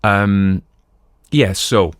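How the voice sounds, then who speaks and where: A middle-aged podcast host with a lowish voice draws out his words, recorded dry with clean studio sound. His casual, wandering conversation covers a classic detective story from his home.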